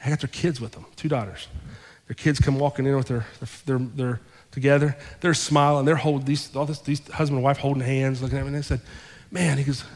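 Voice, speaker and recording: A man's voice: medium pitch, fairly quick, hardly any pauses, long reverb tail. A male pastor telling a story in a sermon, acting out the dialogue as he goes. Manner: animated retelling with quoted dialogue. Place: church sanctuary.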